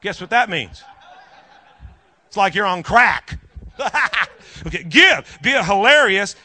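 A man preaching with a bright, forceful edge and a voice pitched a little above the usual male range. He tells stories animatedly and keeps calling out to his congregation. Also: slow. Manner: animated storytelling with congregation call-outs. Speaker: pastor. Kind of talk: sermon.

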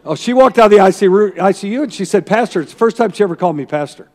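Rambling folksy pastor in a reverberant hall. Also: male voice, high-pitched, lively intonation, rapid-fire, a little mellow. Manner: rambling, folksy storyteller with asides to the crowd. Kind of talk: sermon.

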